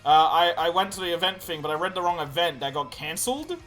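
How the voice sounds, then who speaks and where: Young man, podcast co-host, rapid-fire, bright and forceful voice, excitable storyteller, soft music underneath. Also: fairly high pitch. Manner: excitable storyteller, swears freely, acts out quotes loudly. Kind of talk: casual chat recounting a role-play game.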